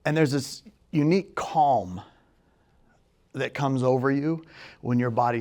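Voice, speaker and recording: A young man telling a personal story, moving from hushed and quiet to loud and excited. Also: medium pitch, unhurried, long pauses. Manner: quiet and hushed in places, then loud and excited, acting out shouts.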